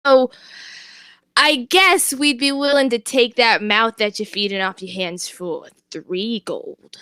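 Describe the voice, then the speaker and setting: A woman's voice: on the high side, takes it slowly, pushed and bright, smooth, dry recording. A woman voicing a streetwise pirate crewman who haggles in a wheedling, scheming way.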